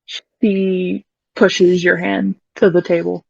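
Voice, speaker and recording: A woman narrating as game master of a tabletop game, describing scenes in a relaxed way. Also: on the low side, slow pace, creaky, slightly rough, dry recording, dull audio.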